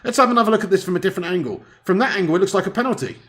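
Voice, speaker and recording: A man's voice: high-pitched, expressive, rapid-fire. A man hosting a live football watch-along, bantering and laughing with viewers between commentary. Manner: jokey banter, laughs often, chats with viewers. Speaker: host.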